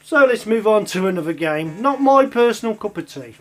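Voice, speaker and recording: A man's voice: high-pitched, animated, a little fast, fairly bright tone. A man casually chatting while playing and reviewing old computer games, rambling with lots of ums and uhs. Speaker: retro game reviewer. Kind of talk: casual gameplay commentary.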